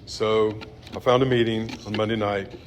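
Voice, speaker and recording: A man in his fifties telling his own recovery story in a halting, blunt, profane way, heard on a noisy recording. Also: on the low side, level tone. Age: 50s. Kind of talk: personal testimony at a meeting.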